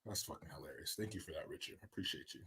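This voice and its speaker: A middle-aged man with a bright, forward voice hosts a casual live stream. He chats loosely with viewers, cracks jokes, laughs often and swears freely. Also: rumbling low, very fast, gravelly, slightly rough. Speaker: livestream host.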